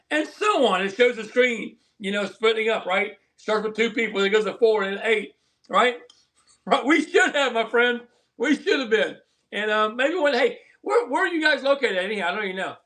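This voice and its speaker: Guy hosting a livestream, high bright voice, rambles on all earnest and preachy. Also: lively intonation, moderate pace. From southern Colorado. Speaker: livestream host. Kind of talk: casual livestream chat.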